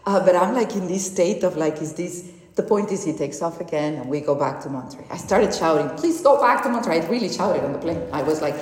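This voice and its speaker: Woman, consecrated speaker, low and mellow voice, animated storyteller, in a reverberant hall. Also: fast. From Mexico. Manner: animated storytelling, acts out dialogue, laughs often. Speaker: consecrated speaker giving a spiritual talk. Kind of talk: testimony and faith talk. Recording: echoey hall with long reverb.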